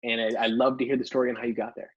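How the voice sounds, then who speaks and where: A man's voice: medium pitch, flat delivery, racing, slightly rough, dull audio. A man hosting an interview show, praising his guest and prompting her to tell her story. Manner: warm, complimentary interviewer with short backchannels. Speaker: podcast host. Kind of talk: casual interview.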